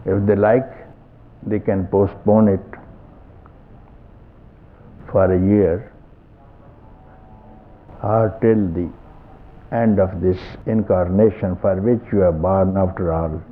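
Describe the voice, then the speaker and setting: An older man with an Indian English accent giving a slow, repetitive satsang talk as a spiritual teacher, often chuckling softly. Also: deep voice, steady tone. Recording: tinny lo-fi archival tape.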